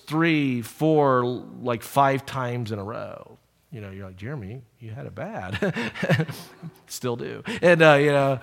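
A middle-aged male preacher delivers a sermon with a somewhat high voice. He tells personal stories in a hushed, casual tone, then climbs into emphatic exhortation. The sound carries a long reverb, like a large church hall. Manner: storytelling, shifts from hushed to emphatic.

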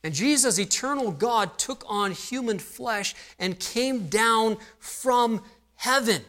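Guy preaching a sermon, bright forceful voice, repeats lines and goes quiet for weight. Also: on the high side. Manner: emphatic and repetitive, dropping to a hush for weight. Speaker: pastor.

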